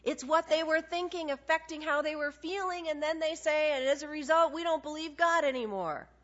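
A woman preaching a sermon, animated and conversational, acting out little dialogues with God. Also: high-pitched, fairly quick. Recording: dull lo-fi sound.

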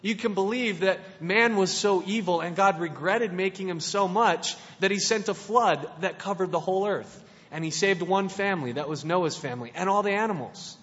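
Delivering a relaxed, playful sermon, this preacher speaks conversationally and often starts over mid-thought. He has a high, slightly bright voice at normal speed. The recording is lo-fi and dull, echoing in a reverberant hall.

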